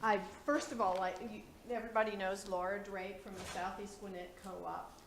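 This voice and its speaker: Brief: woman council member, mid-pitched, reads an official proclamation in a steady, formal tone. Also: very echoey, distant mic, heavy background noise. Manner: formal, measured public reading. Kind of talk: reading a proclamation aloud. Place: council chamber.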